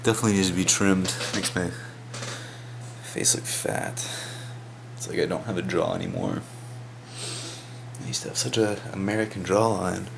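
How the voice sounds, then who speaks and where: A man's voice: sits low, big pitch swings, moderate pace, pauses often. A young man vlogging casually at home, rambling with offhand, self-mocking asides. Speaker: fitness vlogger. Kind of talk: casual vlog narration. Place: home, kitchen and bathroom. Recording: home video with clear background noise.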